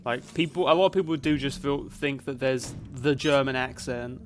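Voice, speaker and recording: A man's voice: medium pitch, normal speed, a little hiss or hum. A young man from Canada, live streaming a video game and musing aloud in a casual, rambling way. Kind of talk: casual chat while playing a video game.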